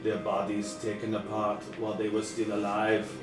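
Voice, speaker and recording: A man's voice: fairly low pitch, completely flat delivery, recorded from a distance, lightly acted. A man voicing a grieving male dwarf mage, speaking formally with a put-on German accent, in an echoey room with music playing. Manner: grieving, halting, formal speech. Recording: echoey backyard or living room with music behind.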